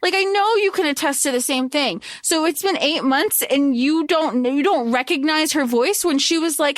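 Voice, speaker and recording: A woman's voice: high-pitched, normal speed, no echo, clean studio sound. A woman co-hosting a podcast, recapping a fantasy novel in casual chat and acting out the characters' lines. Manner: animated, acts out character lines, swears. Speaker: podcast co-host.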